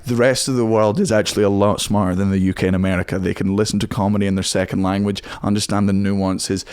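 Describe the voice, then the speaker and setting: A man's voice: on the low side, level tone, a little mellow, clean tone, no room sound. A Scottish comedian in his twenties talking bluntly and swearing freely in a podcast chat. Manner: blunt, rapid, heavy swearing. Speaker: guest comedian. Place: home studio.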